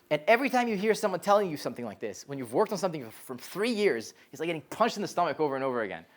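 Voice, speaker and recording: A young man giving a live talk to a college class as a startup founder, telling stories in a lively way, full of "like" and "um," and acting out quoted voices. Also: a little high, rapid-fire, hardly any pauses. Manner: lively storyteller, frequent "like" and "um", animated quoted voices.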